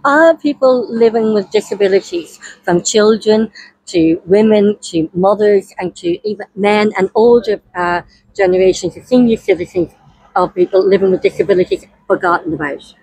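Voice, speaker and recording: Woman, Northern Irish accent, host, breathy, fairly high voice, dry sound. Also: moderate pace, darkish tone, no echo, low-quality recording. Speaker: interviewer host. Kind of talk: political interview.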